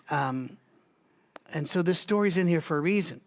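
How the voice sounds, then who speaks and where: A man's voice: a little high, normal speed. A man leading a Bible study in a conversational teaching style, thinking aloud with asides and restarts, and coughing now and then. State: has a recurring cough.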